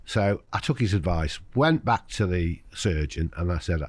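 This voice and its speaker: A man's voice: low voice, animated, moderate pace, darkish tone, no room sound. Frank older man telling a story. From United Kingdom. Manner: frank, anecdotal, acts out quoted voices. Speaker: podcast guest. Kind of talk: candid conversational storytelling.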